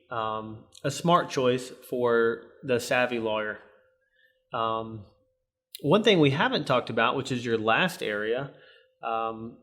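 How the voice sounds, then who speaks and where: A man interviewing an attorney, politely summarizing her points with a slightly halting delivery. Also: medium pitch, a bit bright. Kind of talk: professional interview.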